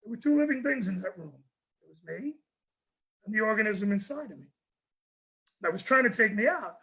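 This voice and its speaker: A man, a guest on a panel, telling a personal story in an animated way, often restarting and repeating words. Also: high-pitched, a little fast, husky, rough recording. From New York. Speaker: guest speaker.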